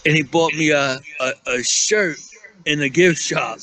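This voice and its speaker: A man's voice: fairly high pitch, measured pace, bright, forceful tone, poor audio. A man from Staten Island with a New York accent, telling rambling, profane stories in casual chat and acting out the quotes. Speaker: guest storyteller.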